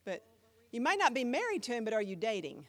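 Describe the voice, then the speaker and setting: Woman pastor, high voice swinging all over the place, punchy conversational preaching. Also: sing-song, fast. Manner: emphatic, conversational preaching with sudden jumps in volume. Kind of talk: sermon teaching.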